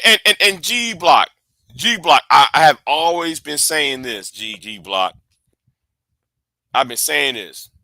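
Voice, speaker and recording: A man giving casual political commentary on a call, halting and restarting his sentences often. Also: on the high side, pushed and bright, dry recording. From United States. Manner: halting, many repeats and restarts.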